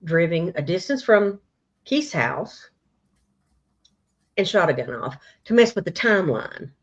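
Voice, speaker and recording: A woman's voice: on the low side, very animated, a little slow, muffled recording. A woman co-hosting a casual true crime livestream, speculating and laughing often. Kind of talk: casual chat.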